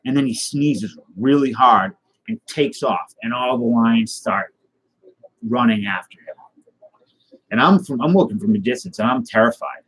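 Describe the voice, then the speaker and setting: A man hosting a casual live stream, rambling through a deadpan tall tale and chatting with viewers. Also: medium pitch, moderate pace, breathy edge, rough recording. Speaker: host.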